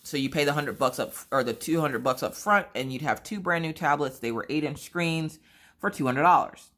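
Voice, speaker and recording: A woman's voice: sits low, moderate pace, fairly bright tone. A woman hosting a crafting channel, telling a story in casual chat and acting out both sides of conversations.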